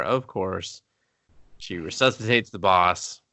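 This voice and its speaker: A man co-hosting a casual movie review podcast, talking in an animated way, swearing freely and laughing often. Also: fairly low pitch, slow pace, no echo. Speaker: podcast co-host.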